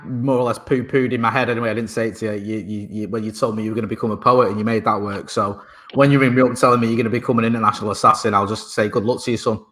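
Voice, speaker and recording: Male co-host with a bright tone, rambles and hunts for words, dry humor. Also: lowish voice, steady tone, very fast. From Britain. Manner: rambling, searching for words with many restarts; dry, joking banter. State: parent. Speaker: podcast co-host. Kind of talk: casual chat.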